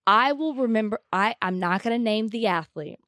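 A woman's voice: on the high side, normal speed, a bit bright, no echo, clean studio sound. A woman co-hosting a casual talk show, telling a personal story in an earnest, emphatic way. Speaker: co-host. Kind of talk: casual chat.

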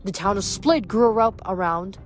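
A woman reading the lines of an earnest, steady young male demigod leader who explains things patiently, in a storybook reading. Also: medium pitch, normal speed, soft background music, lightly acted.

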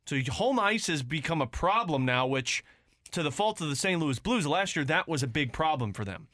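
Sports host guy, slightly high voice, walks through the numbers calmly, dry sound. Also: normal speed, dry recording. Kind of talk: casual sports talk.

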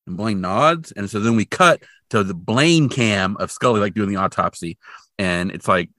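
A man's voice: on the low side, expressive, normal speed, a bit bright, no room sound, studio quality. A man co-hosting a podcast, recapping a TV episode in casual chat and leaping into exaggerated voices when he quotes characters. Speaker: podcast co-host.

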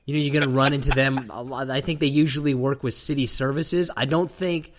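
A man's voice: medium pitch, steady tone, a little fast. Dry, teasing male host. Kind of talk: casual banter.

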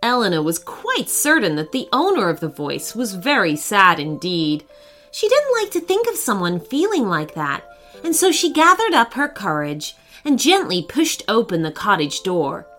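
A woman narrating a children's story in a gentle, expressive reading voice. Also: mid-range voice.

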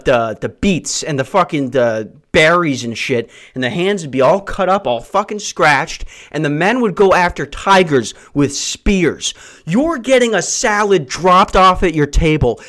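A man's voice: on the high side, fairly bright tone. Young man on a profane comic rant. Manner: profane, exasperated, with mocking impressions. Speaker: podcast host. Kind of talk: comedic rant.

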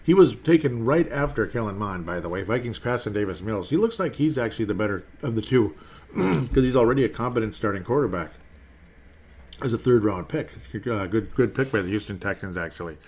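A man's voice: lowish voice, animated, fairly quick, a little mellow, breathy edge. A man giving a casual solo recap of football games, wry and self-correcting. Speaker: sports commentator. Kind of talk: solo NFL recap commentary.

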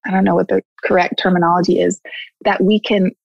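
Earnest woman therapist, raspy and breathy, dry muffled lo-fi sound. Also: on the low side, flat delivery, fast talker, no echo. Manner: earnest, emphatic, repeats heartfelt words. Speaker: therapist guest. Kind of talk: casual conversation.

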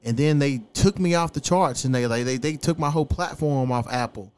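A man in his thirties, hosting a casual podcast and talking in a profane, animated way with frequent laughs. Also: fairly high pitch, a little fast, clear, resonant tone. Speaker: podcast host.

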